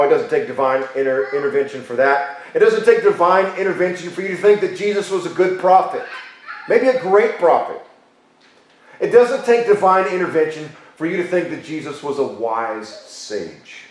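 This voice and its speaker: Man preaching, emphatic, lively pitch, repeats phrases, very echoey church hall. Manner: emphatic, repeats key phrases, slows for stress. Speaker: pastor. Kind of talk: sermon. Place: church sanctuary.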